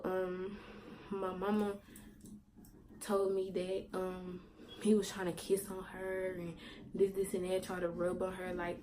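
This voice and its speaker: A woman vlogger telling a personal story in a candid, slangy way, halting with fillers and repeats. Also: medium pitch, dark tone, slight background noise, low-quality recording. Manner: candid, slangy, sometimes swearing for emphasis; halting, with many fillers and repetitions.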